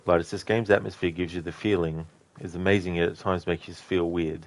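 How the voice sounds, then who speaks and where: Man, game streamer, very low voice, chatty and rambling, answers chat. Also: steady tone, a little fast. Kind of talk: casual gaming commentary.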